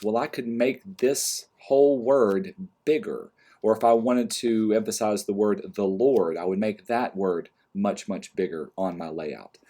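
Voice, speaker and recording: Male design instructor, lowish voice, calm step-by-step tutorial narration, clicks in background. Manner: calm step-by-step explaining, trailing off quietly. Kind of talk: screen-recorded software tutorial.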